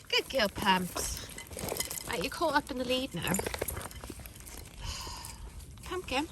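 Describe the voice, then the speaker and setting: A woman's voice: high voice, sing-song, a little slow. A woman chatting casually to a phone camera while walking her dogs outdoors, rambling with lots of fillers and stopping to talk to the dogs. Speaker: dog owner vlogger. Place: outdoors on a dog walk. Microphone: handheld phone camera. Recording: phone video outdoors with clear background noise.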